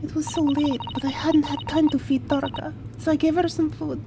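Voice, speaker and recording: A woman's voice: sits high, level tone, moderate pace, noisy background, voice pushed up. A woman voicing a frightened young Russian woman in a put-on Russian accent, stammering and pleading. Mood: confessing. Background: game music.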